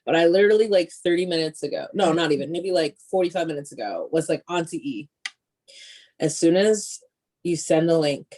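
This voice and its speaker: A woman's voice: on the low side, a little fast. A woman co-hosting a podcast, telling stories in casual chat with plenty of swearing. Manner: profane, animated storytelling. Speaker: podcast co-host.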